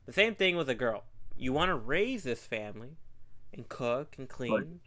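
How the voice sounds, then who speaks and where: A man's voice: mid-range voice, big pitch swings, moderate pace, a loud crowd. A man hosting a podcast, making his points earnestly and filling gaps with "you know". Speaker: podcast host. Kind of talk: casual podcast chat.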